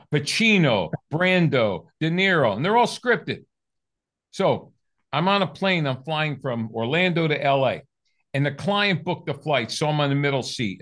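An older man, a sales coach, telling a story with energy and acting out both sides of the conversation as an interview guest. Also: medium pitch. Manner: lively storyteller, acts out both sides of dialogue.

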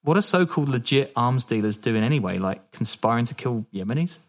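A man's voice: mid-range voice, animated, brisk. A man co-hosting a podcast, telling a story in a laid-back, casual way, laughing often and swearing now and then. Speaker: podcast co-host.

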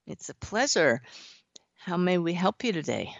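A woman hosts a spiritual call-in radio show, her voice sitting a little low. She talks to callers gently and earnestly, in a reassuring tone. The sound is dry and slightly dull, like a radio broadcast. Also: sing-song, unhurried, gravelly, no room sound.

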